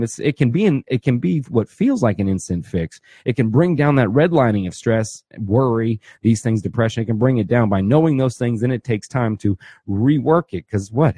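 A man speaks to his viewers in a conversational self-help talk. His voice is dark, with a husky edge, and the recording is close and dry. He keeps checking in with "right?" and jumps his pitch up or down to play people's inner voices. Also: no echo. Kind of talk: motivational talk to camera.

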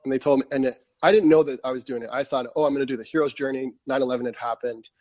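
A man's voice: mid-range voice, very fast, no room sound, dull audio. Man telling war stories, close and dry. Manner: animated, acts out his past self. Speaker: guest. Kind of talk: casual storytelling.

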